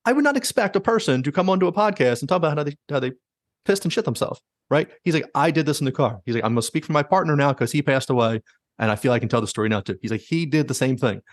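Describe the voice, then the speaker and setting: A man's voice: fairly high pitch, expressive, very fast, no room sound, studio quality. A man hosting a podcast, casually retelling stories with many likes and quoted asides. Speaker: podcast host. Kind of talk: casual storytelling.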